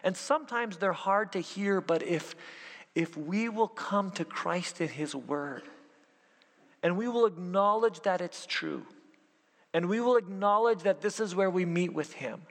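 A man preaching a sermon, mixing earnest teaching with an animated personal story and acted-out voices. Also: high voice, measured pace, in a large hall. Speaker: pastor.

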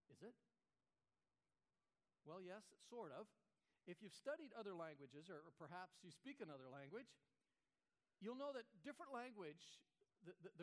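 A male pastor preaching a sermon, asking rhetorical questions and often restarting his words. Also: high-pitched.

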